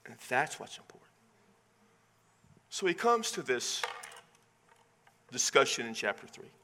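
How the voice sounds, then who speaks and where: Lively Texan pastor in echoing hall. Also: male voice, mid-range voice, a little slow, a little hiss or hum. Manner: animated, conversational preaching with asides. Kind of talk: sermon. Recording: long hall reverb.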